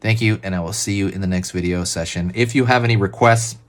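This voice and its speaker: Man, lowish voice, relaxed chatty drawing-tutorial host who talks through every line he draws. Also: fast. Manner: relaxed, chatty, narrates each pen stroke. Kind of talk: casual step-by-step drawing instruction.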